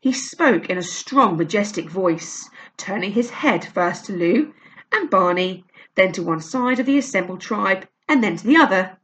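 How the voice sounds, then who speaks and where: A woman reading a children's novel aloud, with a lively, expressive delivery. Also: mid-range voice, moderate pace. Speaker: storyteller.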